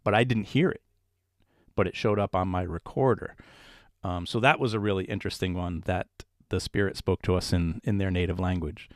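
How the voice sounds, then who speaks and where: Low-voiced man telling ghost stories. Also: brisk, no echo, studio quality. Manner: animated storyteller, acts out quoted voices. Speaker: paranormal investigator guest. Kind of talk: casual interview storytelling.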